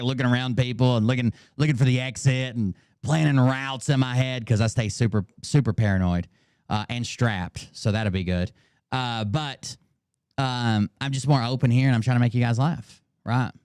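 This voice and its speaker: A man's voice: medium pitch, darkish tone, clean tone, dry recording, clean studio sound. A man commentating casually on a stream, laid-back and profane, laughing at clips and talking straight to his viewers.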